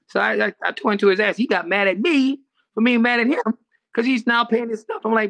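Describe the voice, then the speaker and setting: A man's voice: sits high, fast talker, gravelly, a bit bright, no room sound. A man, a comedian guest, telling a heated story about a friend who owed him money. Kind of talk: casual storytelling.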